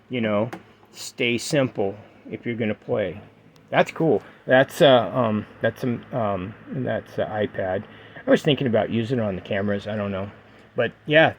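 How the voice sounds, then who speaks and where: Middle-aged dude vlogging gear tips, repeats himself a lot, lots of ums, pretty emphatic. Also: male voice, mid-range voice, a little hiss or hum. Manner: emphatic, repetitive advice-giving with fillers. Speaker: gaming vlogger. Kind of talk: casual vlog talk to camera.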